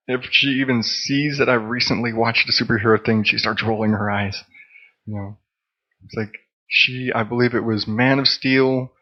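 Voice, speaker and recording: A podcast host talks alone in a casual, rambling monologue, profane and self-deprecating. His voice sits at medium pitch, and the audio is dull.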